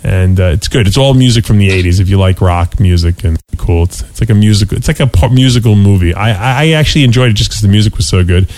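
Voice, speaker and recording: Low-voiced man telling rambling stories. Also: fast, hardly any pauses, a little mellow, no room sound. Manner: rambling storyteller, lots of restarts and "you know". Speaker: podcast co-host. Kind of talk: casual chat.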